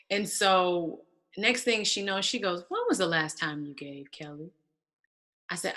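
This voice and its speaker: A woman guest telling a personal story in casual conversation, animated and acting out quoted voices. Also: lowish voice, unhurried. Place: church stage.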